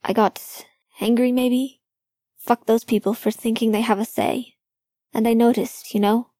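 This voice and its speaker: A woman reading an audiobook, voicing a nervous young man who talks in halting, rushed confessions. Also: a little high, fairly even intonation, mellow, dry recording. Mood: anxious.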